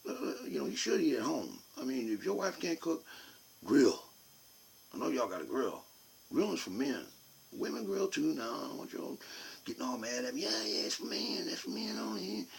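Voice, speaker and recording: Gravelly, rambling man. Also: medium pitch, big pitch swings, normal speed, darkish tone, rough recording. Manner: rambling, folksy, repetitive. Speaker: vlogger. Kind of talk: comic storytelling monologue.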